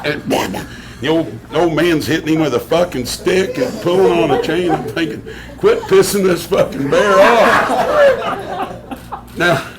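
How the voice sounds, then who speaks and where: A man telling a comic story on stage, animated, laughing through it and swearing freely. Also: fairly high pitch. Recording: live crowd noise around the voice.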